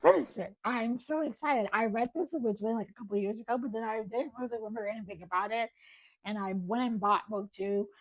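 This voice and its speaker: A woman's voice: on the high side, fast, no room sound, rough recording. Young American woman, rambling chatty vlogger, slightly worn voice, dry close sound. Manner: chatty, rambling, lots of fillers. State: losing her voice. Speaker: book vlogger. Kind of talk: casual chat to camera.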